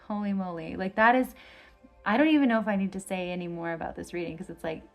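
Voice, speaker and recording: A woman of medium pitch rambles through a tarot reading, stringing her thoughts together with endless fillers. She sounds effusive and enthusiastic. A faint bed of music sits behind her voice. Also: quick pace. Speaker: tarot reader. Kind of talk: casual pick-a-card tarot reading.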